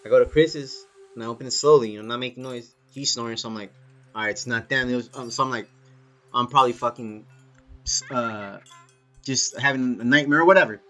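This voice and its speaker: Telling a story in a casual conversation, this man uses a mid-range voice at a fairly quick clip while faint music sits behind him. He's lively, cursing a lot and dropping "dude" constantly.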